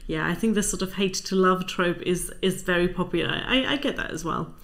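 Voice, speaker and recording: A woman's voice: lowish voice, expressive, brisk, gravelly, fairly bright tone. A young woman hosting a book channel, chatting casually and reading out viewer answers with wry, dry asides.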